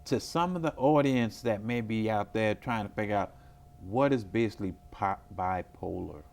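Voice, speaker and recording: A man's voice: fairly low pitch, moderate pace. A man hosting a local talk show, asking his guest questions in a friendly way. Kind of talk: casual interview.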